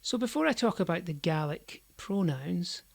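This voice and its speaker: A woman teaching a language lesson, explaining slowly and deliberately and stressing words in her example sentences. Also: fairly low pitch, lively intonation, vocal fry, husky, dry recording.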